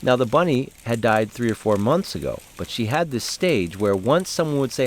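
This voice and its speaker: A man hosting a casual devotional talk, telling a story with fillers, then slowing down and softening to make reflective points. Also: medium pitch, big pitch swings, slight background noise. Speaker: host and Bible study leader.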